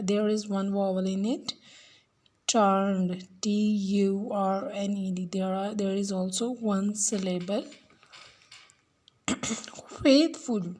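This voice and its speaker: In a recorded lesson, a woman English teacher speaks slowly and deliberately, repeating each word for her pupils. Her voice is medium-pitched with a darkish tone.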